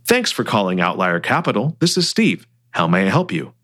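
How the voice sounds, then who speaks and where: A man's voice: on the low side, big pitch swings, a little fast, a bit bright, pitched below the performer's own voice. A man voicing a stressed, defensive male financial advisor who turns sarcastic under strain. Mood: falsely upbeat.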